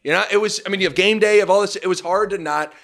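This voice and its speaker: A man co-hosting a podcast, excitable, chatting casually about sports. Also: high voice, very fast. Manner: excitable, laughs often, mimics radio calls. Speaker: podcast co-host.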